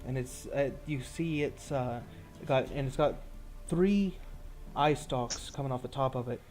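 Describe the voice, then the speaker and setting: A young man narrating a tabletop game as dungeon master, halting and searching for words with frequent fillers. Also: medium pitch, darkish tone, faint music behind.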